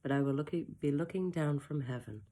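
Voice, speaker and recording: A woman reading her own novel aloud, voicing a dying father's letter to his estranged daughter in a soft, hushed, apologetic way. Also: low voice, normal speed, natural voice.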